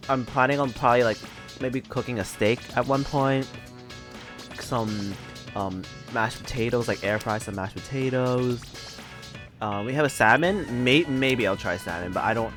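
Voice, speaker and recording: A man's voice: medium pitch, fairly bright tone. Rambling young man chatting on stream. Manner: rambling, filler-heavy storytelling with frequent laughs. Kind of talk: casual chat while gaming.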